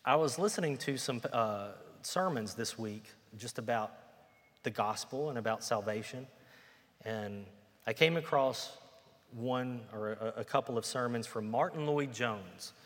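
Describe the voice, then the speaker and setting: A man's voice: medium pitch, unhurried. Man preaching a sermon in a reverberant hall. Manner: conversational preaching that builds to loud, emphatic peaks. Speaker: pastor.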